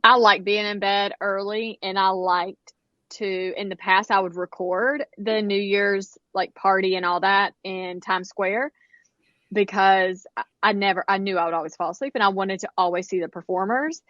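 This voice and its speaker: Woman, co-host, casual chat, animated storytelling, lo-fi. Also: medium pitch, moderate pace, no room sound. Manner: animated storytelling with quoted dialogue. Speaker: podcast co-host.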